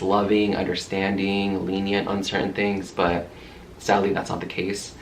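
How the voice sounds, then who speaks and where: A man's voice: lowish voice, vocal fry, a little hiss or hum. A man vlogger telling a story to camera in a heated, profane way.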